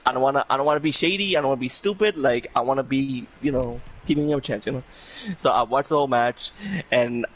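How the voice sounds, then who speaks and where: A man's voice: mid-range voice, quick pace, a bit bright, slight background noise, low-quality recording. A man from Puerto Rico, a guest on a casual podcast, telling a story in a rambling way and repeating "I'm there like".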